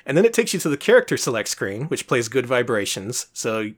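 A man's voice: medium pitch, very animated, brisk. Wry, chatty man on a podcast. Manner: chatty, wry, laughs often while explaining. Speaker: podcast co-host. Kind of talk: casual podcast chat about retro games.

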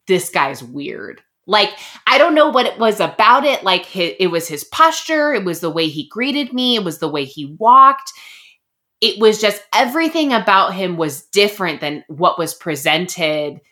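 Bright-voiced chatty young woman. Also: medium pitch, moderate pace. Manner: animated, chatty, many fillers. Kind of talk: casual storytelling chat.

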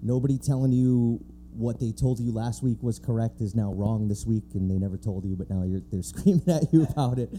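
A man appears as a wrestling referee guest on a live podcast. He talks earnestly in a very dark, warm voice and keeps restarting his sentences, with a faint hum behind him. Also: medium pitch, fairly quick, hardly any pauses. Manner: earnest, stumbles and restarts often. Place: theatre stage before a live audience.

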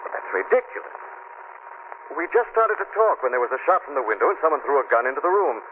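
An actor playing a suave gentleman hero who talks in an urgent, persuasive way, in 1940s radio acting. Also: a little high, very animated, fast talker, background noise. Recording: tinny old radio broadcast.

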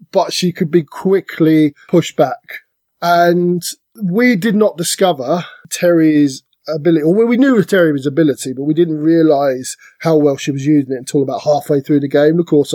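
A British man co-hosts a podcast, chatting casually about board games and telling stories in playful put-on voices. His voice is on the high side with a dark tone, and there's no room sound at all.

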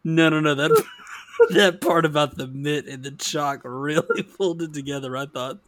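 A male podcast co-host with a fairly high voice that swings widely in pitch. He delivers dry, sarcastic jabs in loose banter, and a faint hiss sits under the talk. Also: lively intonation, moderate pace, a bit bright.

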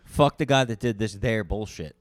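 A man's voice: lowish voice, moderate pace, dry recording. A man co-hosting a podcast, trading crude jokes and defending himself in casual comedy banter. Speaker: podcast co-host.

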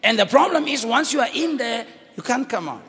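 A man with a South African accent preaching a sermon, shouting and dramatic, switching between languages. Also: extremely high pitch, sing-song, brisk. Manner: fiery, shouting, code-switching, theatrical. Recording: reverberant hall with faint noise.

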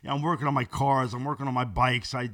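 A man's voice: medium pitch, fairly even intonation, fast, fairly bright tone, dry recording. Blunt, profane man telling a street story. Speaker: podcast guest. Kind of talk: casual chat, storytelling.

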